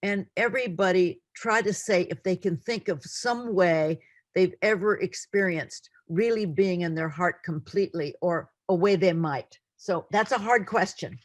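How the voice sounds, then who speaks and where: A woman's voice: lowish voice, a little slow, no room sound. Earnest woman teacher, dry close sound. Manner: earnest, emotional, repeats words. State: near tears. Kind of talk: online class talk.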